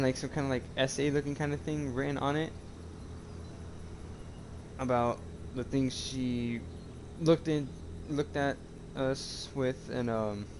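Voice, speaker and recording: A man talking casually in a personal vlog, halting and rambling with many restarts, earnest and confessional. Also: medium pitch, background noise. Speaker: YouTuber. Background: music playing.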